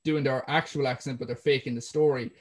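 An Irish man with a mid-pitched voice hosts a relaxed interview. He rambles a bit, with plenty of ums and restarts, as he works through listener questions. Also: brisk. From Ireland. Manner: rambling, many fillers and restarts. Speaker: podcast host. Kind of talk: casual interview chat.

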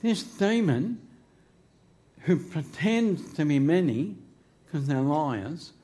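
A man's voice: fairly high pitch, animated, slow pace, mellow. A man preaching a sermon in church into a microphone, emphatic and humorous, drawing his phrases out. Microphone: handheld microphone.

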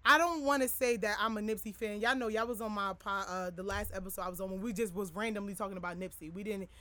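A woman's voice: medium pitch, fast talker, fairly bright tone. A young adult woman hosting a podcast, talking candidly and casually to her listeners in a rambling way with many filler words. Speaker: podcast host. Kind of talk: candid personal talk to listeners.

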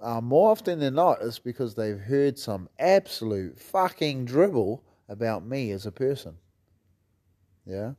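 This New Zealand-accented man coaches at a martial arts gym and tells stories in a casual, rambling chat, swearing freely and leaning on fillers. His medium-pitched voice is dark-toned, very animated, and unhurried.

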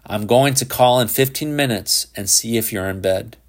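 A man's voice: lowish voice, moderate pace, natural voice. A man reading a stern, impatient middle-aged father who speaks firmly and curtly. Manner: firm and clipped.

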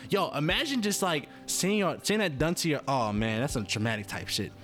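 A man rambles casually to his audience, cursing freely and cutting himself off mid-sentence. His pitch swings widely as he talks. Faint music plays underneath. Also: expressive, brisk, a bit bright. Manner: rambling, profane, self-interrupting. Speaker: vlogger. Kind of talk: casual monologue.

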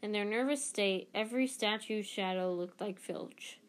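A woman's voice: medium pitch, moderate pace. A woman reading a novel aloud in an unpolished way, with frequent slips and restarts. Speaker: audiobook reader.

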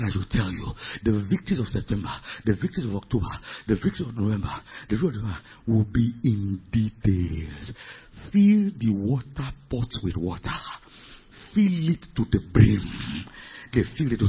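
A pastor preaching with a very husky, raspy voice that sits a little high and leaps widely in pitch. He moves from low murmurs to shouted climaxes and keeps asking the congregation questions. The recording sounds dull and lo-fi. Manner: emphatic, repetitive preaching with rhetorical questions. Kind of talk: sermon.

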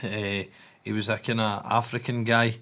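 A man's voice: lowish voice, level tone, moderate pace, bright, forceful tone. A man with a Scottish accent teasing and joking, swearing as he trades jokes in casual banter.

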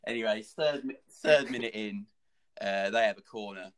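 Lively man telling a story. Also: lowish voice, moderate pace. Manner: animated, laughing, sweary storytelling. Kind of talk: casual anecdote telling.

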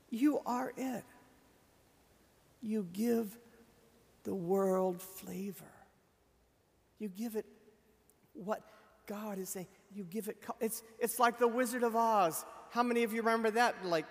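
A middle-aged man, a pastor preaching at a memorial service, telling a story with animated swings from loud emphasis to quiet. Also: high-pitched. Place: church sanctuary. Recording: long reverb of a church hall.

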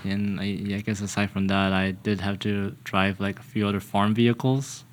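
Hesitant young man, halting. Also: on the low side, level tone, slight background noise. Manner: hesitant, halting, with frequent restarts and laughs. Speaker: guest. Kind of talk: casual podcast interview.

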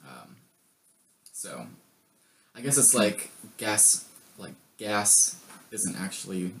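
A man's voice: lowish voice, very animated, slow, vocal fry, fairly bright tone, slight background noise. A young man co-hosting a podcast, reading history facts in casual chat with joking, rambling asides. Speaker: podcast co-host.

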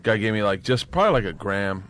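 A man's voice: fairly low pitch, expressive, quick pace, fairly bright tone. A man, a guest comedian, telling loose stories in casual chat, laughing often and swearing freely.

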